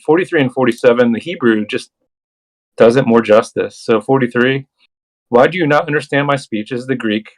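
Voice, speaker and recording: A man's voice: medium pitch, rough recording. A man hosting a casual bible study discussion. He reads verses aloud and then comments on them conversationally. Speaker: host and scripture reader.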